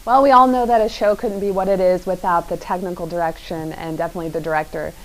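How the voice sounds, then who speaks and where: A woman's voice: on the low side, fairly even intonation, fast talker, low-quality recording. A woman hosting a casual interview, prompting guests with frequent encouraging murmurs. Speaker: host.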